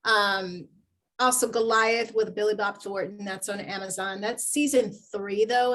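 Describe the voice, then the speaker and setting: A woman actor, a guest in a casual interview, telling stories with lively acted-out quotes. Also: medium pitch. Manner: animated storyteller acting out quoted lines.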